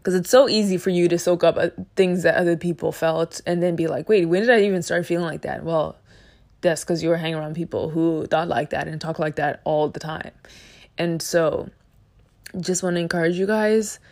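A woman's voice: fairly low pitch, creaky, a little mellow. A woman hosting a podcast in a casual solo monologue, chatty, slangy and emphatic. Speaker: podcast host.

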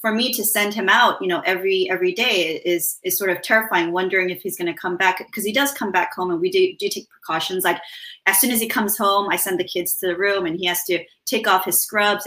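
A woman's voice: on the low side, fairly even intonation, brisk, sharp tone. A mother talking reflectively in casual chat, with many fillers and restarts. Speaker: guest mother.

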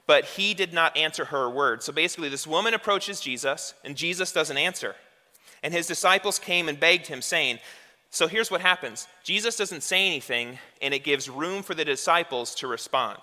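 A man preaching a sermon in a conversational way, tossing in rhetorical questions. His voice is fairly high and very bright, with a sharp edge. It rings out with a long reverb, as if in a large hall. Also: animated, moderate pace. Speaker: pastor.

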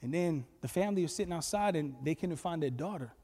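Animated male preacher in a reverberant hall. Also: on the high side, quick pace. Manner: animated storytelling, bursts of shouting. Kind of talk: sermon. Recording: long reverb with faint music.

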